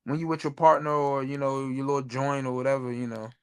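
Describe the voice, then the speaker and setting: A man talks at an ordinary mid pitch on a casual podcast, relaxed and slangy. He tells his stories quietly and without hurry. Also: fast, clear, resonant tone. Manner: laid-back, slangy, quiet storytelling. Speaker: podcast co-host.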